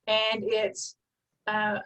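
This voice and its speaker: A woman with a Texas twang hosting a coaching call, riffing free form with deadpan humor and frequent laughs. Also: mid-range voice, very slow, faint music behind, poor audio. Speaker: host, personal growth coach.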